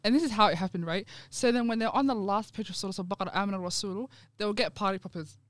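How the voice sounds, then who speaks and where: A woman telling a story in casual podcast chat, animated and peppered with "wallahi". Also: medium pitch, fast, no room sound.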